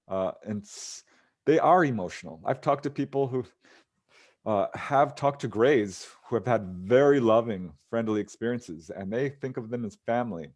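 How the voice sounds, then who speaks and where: In an interview, a man with a mid-range voice recounts strange encounters in a relaxed, conversational way. He chuckles often and leans on fillers and restarts as he goes. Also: mid-range voice. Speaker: ufologist guest. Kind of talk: casual interview storytelling.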